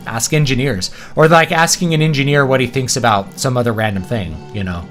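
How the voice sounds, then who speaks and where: A man's voice: mid-range voice, normal speed, fairly bright tone, faint music behind. A man from East Texas chatting casually while playing a video game, rambling from topic to topic and laughing often. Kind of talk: casual gameplay commentary.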